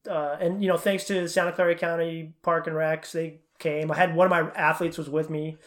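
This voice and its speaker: A middle-aged man with a fairly high voice, guesting on a podcast as a coach. He talks fast and animatedly, racing through his stories in a casual chat. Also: flat delivery, a bit bright.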